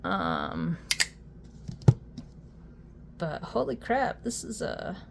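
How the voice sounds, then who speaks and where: Slow-talking woman with a gravelly voice. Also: on the high side, expressive, background noise. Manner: chatty, easily amused, breaks into exclamations. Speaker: fidget toy reviewer. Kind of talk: casual unboxing chat.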